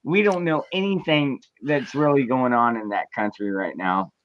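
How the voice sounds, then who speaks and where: A man's voice: medium pitch, moderate pace. A man hosting a casual livestream chat, blunt and profane, greeting viewers as they join. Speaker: livestream host. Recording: dull lo-fi dry mic.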